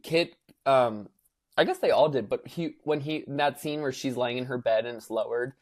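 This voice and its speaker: A young man co-hosting a podcast, chatting casually and telling an animated story, acting out quotes with lots of filler words. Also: mid-range voice. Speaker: podcast co-host. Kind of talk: casual chat.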